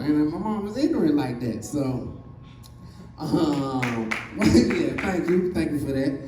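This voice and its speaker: Forties guy doing standup, mellow voice, echoey room, mic kinda far off, faint music behind. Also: a little high, slow. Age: 40s. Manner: animated storytelling, acting out relatives' voices. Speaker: stand-up comedian. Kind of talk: stand-up comedy set. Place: comedy stage.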